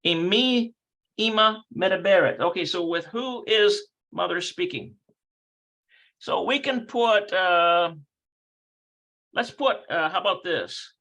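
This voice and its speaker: A man running a relaxed livestreamed language class from his computer. His voice is bright and sits a little high. He rambles, works things out aloud and corrects himself mid-sentence. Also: slow pace, gravelly, long pauses, low-quality recording. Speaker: Hebrew teacher. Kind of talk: casual livestreamed language lesson.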